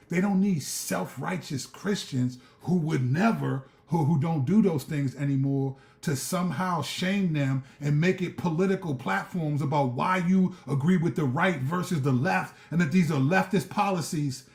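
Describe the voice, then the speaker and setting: Male streamer host, fervent street-slang preacher, slightly high voice, echoey room. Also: creaky, a little mellow. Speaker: show host. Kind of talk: live-stream commentary.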